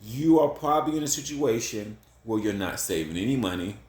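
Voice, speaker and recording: A man's voice: fairly low pitch, expressive, brisk, a little mellow. Blunt man from Ohio, echoey room. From Columbus, Ohio. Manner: blunt, repetitive, swears, laughs at himself. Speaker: vlogger. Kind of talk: casual advice monologue.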